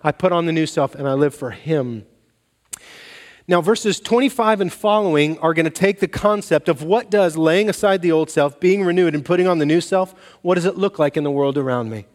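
At normal speed and with a voice a little high, a pastor preaches a storytelling sermon, animatedly acting out dialogue. The sound carries the long reverb of a large hall.

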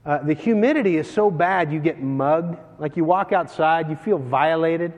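Animated preacher in an echoing hall. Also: male voice, fairly high pitch, normal speed, lo-fi sound. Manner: animated, jokey storytelling between readings. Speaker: pastor. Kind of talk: sermon. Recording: long hall reverb.

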